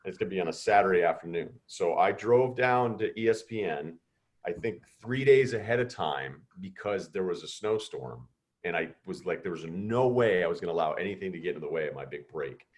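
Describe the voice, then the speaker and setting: Man, middle-aged, low voice, animated storyteller, video call audio. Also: normal speed. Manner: animated, acts out quoted voices. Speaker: guest speaker. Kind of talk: storytelling to students.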